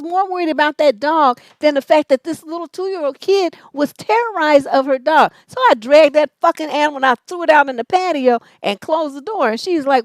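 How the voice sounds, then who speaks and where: A woman's voice: sits high, brisk, hardly any pauses, dry recording. Blunt, profane woman talk-show host. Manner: blunt, profane, animated storytelling with laughs. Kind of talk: live advice show, storytelling and reading questions.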